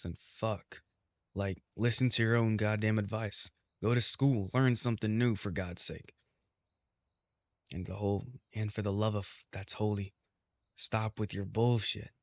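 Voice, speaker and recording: A foul-mouthed young minotaur, blunt and fierce, chewing out a friend, as a man reads him aloud. The voice sits low and pushes hard. It comes through a dull, dry home recording with no room around it. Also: no room sound, lightly acted. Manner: crude, swearing, scolding.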